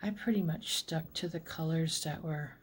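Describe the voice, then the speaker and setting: A woman hosting a crafting video, talking casually and a bit self-deprecatingly as she works, often trailing off into soft near-whispers. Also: low voice, moderate pace, slightly rough. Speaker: crafting channel host. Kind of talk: casual crafting talk-through.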